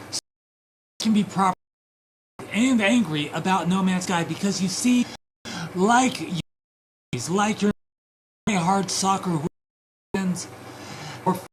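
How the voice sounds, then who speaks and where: A man ranting and swearing through a solo stream, loud in bursts and mumbling in between. He talks slowly and drags out his words. A faint noise hums behind him. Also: high voice. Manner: loud swearing rants, mutters to himself. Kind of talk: profane ranting stream chat.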